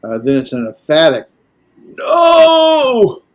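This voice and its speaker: A man teaching a language class, lecturing in a halting way with many filler pauses. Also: medium pitch, a little mellow, breathy edge. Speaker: Greek teacher.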